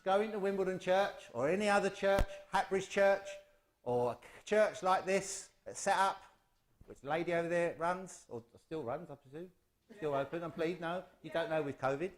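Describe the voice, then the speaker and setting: A man's voice: high-pitched, normal speed, slight background noise. An English man giving a chatty, self-deprecating, humorous address at a spiritualist service. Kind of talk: informal humorous address to a congregation.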